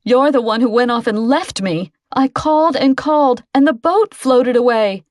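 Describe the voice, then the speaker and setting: A woman reading a novel aloud, voicing a frightened, tearful teenage girl in a high, strained, pleading voice. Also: moderate pace, a little mellow, dry recording, studio quality, natural voice. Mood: upset.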